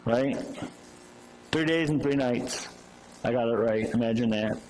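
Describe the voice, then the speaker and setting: A man's voice: medium pitch, unhurried, darkish tone, slight background noise, low-quality recording. A male pastor preaching a sermon, retelling a Bible story in a loose, storytelling way with restarts and asides.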